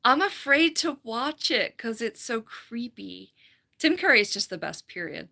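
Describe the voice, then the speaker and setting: A woman wraps up a casual live stream from home, reading the chat and giggling as she rambles. Her voice is bright and a little tense, yet worn down to a slight fry after a long session. She talks through a computer mic. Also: a little high, very animated, measured pace. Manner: chatty, giggly, rambling, reads chat aloud. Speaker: livestream host, falconer.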